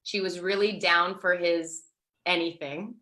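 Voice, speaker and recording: A woman in her thirties, an actor appearing as a guest, chats casually in an interview, rambling with lots of fillers and restarts. Her voice is on the low side, steady in tone, a little slow and sharp.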